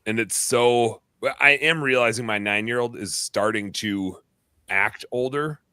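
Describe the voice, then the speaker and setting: A man in his thirties from Wisconsin, hosting a podcast in a rambling, animated chat. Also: mid-range voice, unhurried, clear, resonant tone, dry recording, clean studio sound. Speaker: podcast host. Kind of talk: casual chat.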